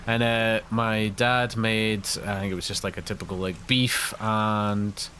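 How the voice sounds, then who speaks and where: A man's voice: on the low side, steady tone, a little slow, pushed and bright, slight background noise. A Scottish man streaming a game live, telling rambling, chatty stories with frequent laughs. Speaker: gaming streamer. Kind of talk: live let's-play commentary.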